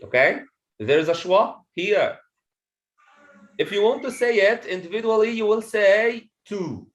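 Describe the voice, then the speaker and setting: Man, teacher, fairly high voice, classroom lesson, repeats himself, checks understanding. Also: lively intonation, a little slow. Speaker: English teacher. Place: classroom with students.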